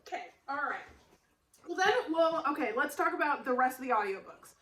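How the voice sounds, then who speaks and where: A woman book vlogger chatting casually, rambling into animated stories and laughing often. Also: high voice, fast talker, reverberant, heavy background noise. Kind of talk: casual chat.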